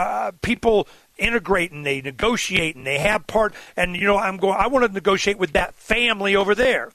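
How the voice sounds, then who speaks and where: A male radio host talks in a rambling, irreverent way. His voice sits high and sounds bright and forceful, with a dry, close sound and no room echo. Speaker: radio talk show host. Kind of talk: casual talk radio conversation.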